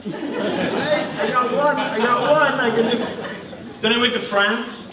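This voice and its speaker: A man's voice: extremely high pitch, unhurried, background noise. An older man performing a live stage show, chatting and joking with the audience and laughing often. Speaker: bubble performer. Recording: echoey hall from far off, crowd audible.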